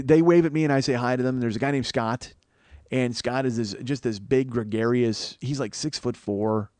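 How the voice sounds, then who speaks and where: A man's voice: medium pitch, darkish tone, no echo. A man, telling a rambling, self-mocking comic story as a podcast host. He swears a lot, and his voice climbs when he acts out his panic. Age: 40s. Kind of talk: comedic storytelling monologue.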